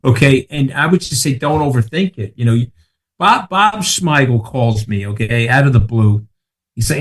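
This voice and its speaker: Man, mid-range voice, blunt and profane storyteller, rapid asides, podcast guest. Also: mid-range voice. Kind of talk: casual chat.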